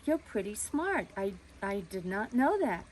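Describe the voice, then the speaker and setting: A woman's voice: mid-range voice, big pitch swings, a little slow, darkish tone, a little hiss or hum, poor audio. A woman voicing a curious, friendly grown woman who dresses in men's suits, asking questions in an inquisitive voice.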